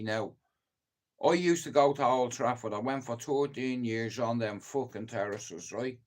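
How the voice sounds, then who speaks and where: A man's voice: mid-range voice, measured pace. A middle-aged man from Ireland hosting a livestream, telling rambling stories in casual chat and swearing a lot. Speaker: livestream host.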